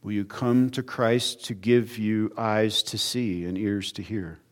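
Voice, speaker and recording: A man preaching an expository sermon, earnest, his voice rising and quickening when he acts out quoted speakers. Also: lowish voice, fairly even intonation. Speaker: pastor.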